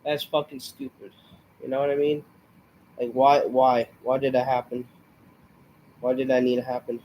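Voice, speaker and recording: A man with a dark, medium-pitched voice and little pitch movement reviews a wrestling show at a moderate pace, with a little hiss or hum in the recording. His rant is rambling and frustrated, full of swearing and sighs, and he sounds unwell and short of breath.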